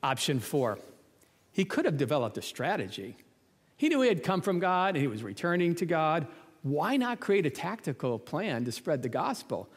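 A man delivers a sermon in a casual, humorous way and keeps asking his listeners rhetorical questions. His voice sits on the higher side. The room adds a long, ringing reverb. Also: big pitch swings, normal speed, breathy edge. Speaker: preacher.

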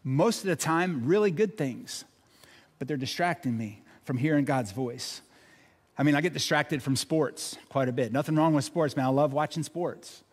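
Pastor, male; preaches with repetition, big swings to a hush; slightly high voice, long hall echo. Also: moderate pace. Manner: dramatic swings from loud emphasis to hushed low delivery; repeats phrases for emphasis, addresses congregation directly. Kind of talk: sermon. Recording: echoey hall reverb.

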